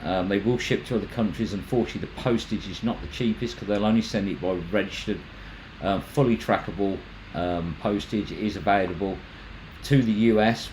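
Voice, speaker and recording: Brief: man, lower voice, rambling and chatty, hosting a livestream and reading viewer comments aloud. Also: a little mellow, a little hiss or hum, low-quality recording. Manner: chatty, rambling, stumbles and restarts. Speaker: magnet fishing channel host.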